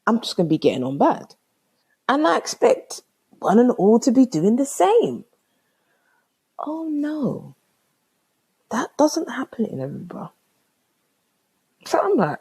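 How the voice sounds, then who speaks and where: Lively, husky London woman podcaster. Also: fairly high pitch, normal speed. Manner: animated, slangy, exclaiming and acting out both sides of a chat. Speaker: podcast host. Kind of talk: casual storytelling monologue.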